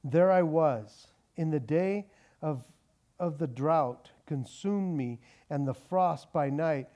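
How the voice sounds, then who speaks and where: High-voiced man preaching a Bible study. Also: slow pace. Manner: animated, conversational, frequent restarts. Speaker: pastor. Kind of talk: expository sermon.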